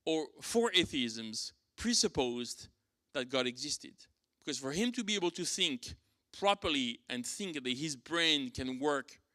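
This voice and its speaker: A man's voice: a little high, bright, forceful tone, dry recording, clean studio sound. A man with a French accent teaching an apologetics class at church, conversational, with fillers and restarts.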